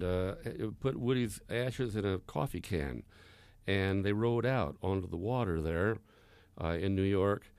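A man's voice: fairly low pitch, vocal fry, darkish tone, no room sound. A man hosting a folk music radio show, telling stories in a folksy, rambling way with many hesitations. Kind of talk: casual storytelling.

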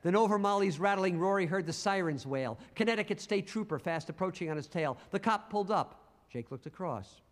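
A man's voice: high voice, expressive, a little fast, in a large hall, a little hiss or hum. A man telling a rhyming story in a rhythmic, punchy spoken-word recitation.

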